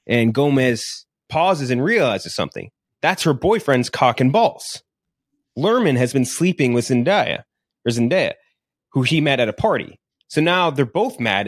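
A man co-hosting a podcast, chatting casually and swearing as he rambles through a film idea. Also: no echo. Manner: rambling, profane, pitches a film plot. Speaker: podcast co-host. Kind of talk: casual chat.

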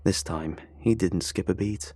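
A man's voice: sits low, a little slow, a little mellow, breathy edge, no room sound. A man narrating a first-person horror story in a tense, confessional way.

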